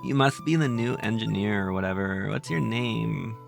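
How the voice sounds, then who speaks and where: A man chatting casually through a live game stream, joking and laughing at his own bits. His voice is low with a gravelly fry. Faint game music plays in the background. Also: normal speed.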